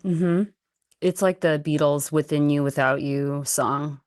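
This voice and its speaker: A woman guest telling a personal story in casual chat, rambling and animated, laughing often and filling with "like.". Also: sits low, measured pace, no room sound, clean studio sound.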